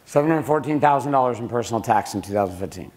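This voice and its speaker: A man's voice: mid-range voice, lively intonation, racing, darkish tone. A middle-aged man giving a blunt, profane motivational business talk to a live audience, swearing freely and throwing questions at the room. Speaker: speaker teaching a room of men.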